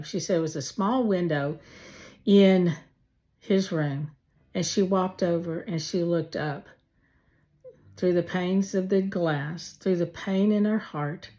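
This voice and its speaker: A woman telling a heartfelt personal faith testimony, slowly and with many pauses. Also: lowish voice, dark tone. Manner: slow, heartfelt storytelling with pauses. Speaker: testimony speaker.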